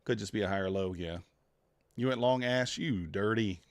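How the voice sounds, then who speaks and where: A man's voice: fairly low pitch, moderate pace, clear, resonant tone, no echo. Man, live-stream trader, casual chatter, groans and mutters, dry close sound. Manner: talks to himself and chat, groans at losses.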